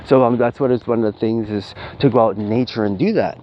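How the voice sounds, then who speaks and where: Man, mid pitch, loose rambling monologue, acts out quotes, muffled lo-fi audio. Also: fast. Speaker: spiritual advice speaker. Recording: dull lo-fi audio with faint hiss.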